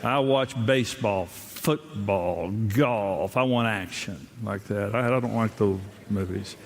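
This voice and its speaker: A man's voice: on the low side, slow pace, long reverb tail. Older man preaching a humorous marriage sermon. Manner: humorous storytelling, voice jumps up when mimicking others. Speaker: pastor. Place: large room with a live audience.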